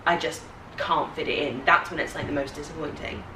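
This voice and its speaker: A woman's voice: sits low, fairly even intonation, fairly quick. A young woman in casual conversation, talking reflectively and agreeably. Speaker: co-host. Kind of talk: casual morning chat. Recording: roomy, distant mic, faint hiss.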